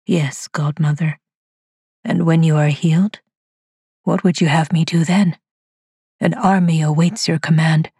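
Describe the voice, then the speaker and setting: A woman's voice: deep voice, fairly even intonation, measured pace, pauses often, slightly rough, no room sound, studio quality, heavily acted. A woman playing a reverent robot servant. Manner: hushed and reverent. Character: devoted male robot servant, calm and loyal. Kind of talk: audio drama reading.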